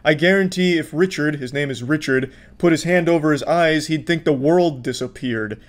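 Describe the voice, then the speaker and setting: Guy roasting videos, dry deadpan snark, kinda higher voice. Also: moderate pace. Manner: deadpan, mocking, swearing. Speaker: commentary host. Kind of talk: sarcastic video commentary.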